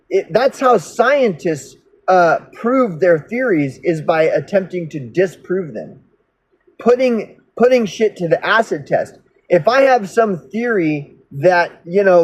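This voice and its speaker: A man's voice: high voice, slight background noise, poor audio. A man talking in an unscripted monologue, swearing freely, repeating himself for emphasis and often restarting his sentences. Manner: profane, emphatic, repetitive ranting; frequent restarts and stammered repeats. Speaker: recovery vlogger.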